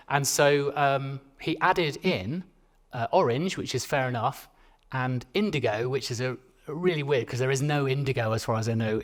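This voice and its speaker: A man giving a public lecture in a conversational, playful way, often restarting his sentences. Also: medium pitch.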